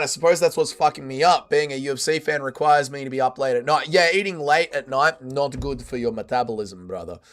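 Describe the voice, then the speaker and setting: An Australian man hosting a casual livestream, reading out chat comments with blunt, crude banter, his voice tired and sore. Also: on the high side. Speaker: livestream host.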